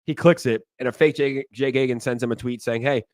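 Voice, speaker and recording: A man's voice: mid-range voice, fairly even intonation, fairly quick, darkish tone, no room sound, clean studio sound. A man in his thirties hosting a casual crypto talk show, emphatic and repeating words for stress. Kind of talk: casual podcast chat.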